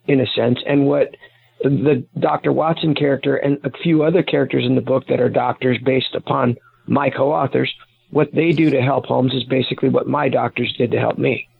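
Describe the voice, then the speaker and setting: Guest: gravelly, husky man, earnest and long-winded, tinny phone line. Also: mid-range voice, no echo. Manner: earnest, explains at length with restarts. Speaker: author and private investigator guest. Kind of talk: casual interview talk. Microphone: phone call.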